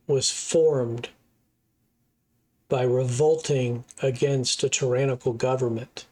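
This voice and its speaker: A man's voice: mid-range voice, a little mellow. A middle-aged man from the United States hosts a reaction video with earnest, opinionated commentary. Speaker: reaction channel host. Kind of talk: casual commentary.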